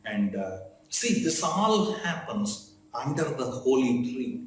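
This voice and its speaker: A man's voice: medium pitch, sing-song, takes it slowly. Echoey storyteller man. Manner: conversational, frequent "okay?" check-ins and fillers. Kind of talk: devotional storytelling. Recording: very echoey room, faint noise.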